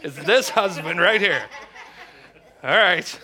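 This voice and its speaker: A man preaching to a small church gathering, chatty and joking and quick to laugh. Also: high-pitched, animated, sharp tone. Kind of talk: casual joke-telling and church teaching.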